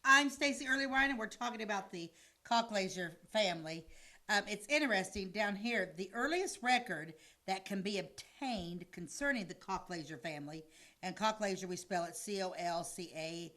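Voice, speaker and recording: A woman's voice: medium pitch, animated, normal speed, pushed and bright. A woman co-hosting a casual podcast chat, talking in a rambling way and stumbling over names. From United States. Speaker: podcast co-host.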